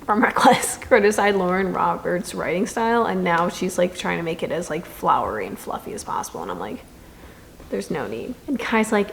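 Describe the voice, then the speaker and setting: A woman's voice: mid-range voice, animated, fairly quick, gravelly, a little hiss or hum. A young woman reviewing a book in a casual vlog, reading quotes aloud dramatically and answering them with sarcastic, exasperated asides.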